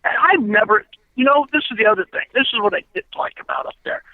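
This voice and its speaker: Man, interview guest, gravelly voice, cursing and emphatic, tinny phone sound. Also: high voice, expressive, quick pace, no echo. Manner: blunt, profane, emphatic storyteller. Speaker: interview guest, former pro wrestler. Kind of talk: casual storytelling interview. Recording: tinny dry phone line.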